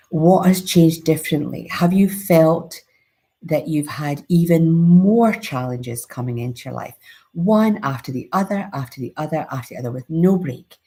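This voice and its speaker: Low-voiced Scottish woman musing earnestly. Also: warm tone. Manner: earnest, musing, with frequent restarts. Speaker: mindfulness teacher. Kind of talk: reflective spiritual talk.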